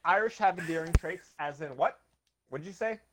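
A man's voice: a little high, moderate pace, background noise. A young man hosting a casual comedy podcast, joking and often laughing. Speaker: podcast host.

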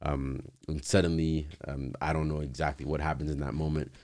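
A man with a very deep, low voice, recorded dry and close. He rambles through a relaxed podcast chat, leaning on ums and you-knows as he goes. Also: a little fast, no room sound. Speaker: podcast co-host. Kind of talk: casual chat.

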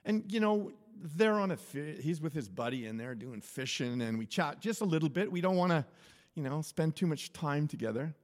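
A man, a pastor, telling a humorous personal story in an animated sermon. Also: fairly high pitch, moderate pace. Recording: echoey hall.

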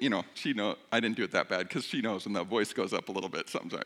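A middle-aged male pastor telling a funny personal story in a sermon, animated and self-mocking, joking with his congregation. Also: lowish voice, quick pace, hardly any pauses.

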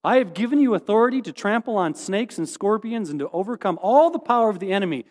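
A man preaching a sermon as pastor, lively and animated, acting out quoted voices and putting questions to his listeners. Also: sits high, fast talker, long reverb tail.

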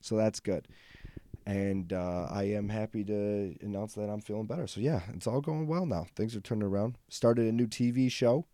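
Young male podcast host, low mellow voice, rambling and profane, dry close recording. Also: normal speed, no echo. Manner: rambling, profane, heavy on fillers. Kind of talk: casual comedic monologue.

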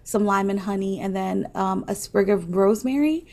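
A warm, medium-pitched female voice at a moderate pace belongs to a podcast co-host. Her casual chat is hesitant and rambling, packed with fillers.

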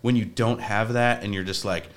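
Young man, very low voice, casual podcast guest, rambling, lots of restarts. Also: steady tone, moderate pace, slight background noise. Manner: rambling, restarts often, says like a lot.

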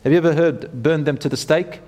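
Animated preacher, high voice, hall echo. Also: male voice, fast talker. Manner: animated, acts out quotes, chants Quran verses. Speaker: Islamic preacher. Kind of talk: storytelling sermon. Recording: long hall reverb.

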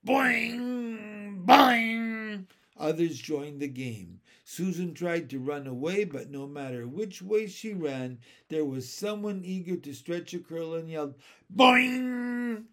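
A man narrating a children's book aloud with steady, expressive storytelling. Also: on the high side, unhurried, few pauses.

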